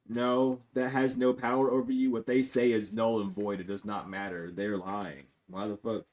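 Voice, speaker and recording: A man giving a live-streamed tarot reading to his viewers. He is blunt and profane, and he swings between loud outbursts and low muttering asides. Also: little pitch movement, normal speed, few pauses. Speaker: tarot reader.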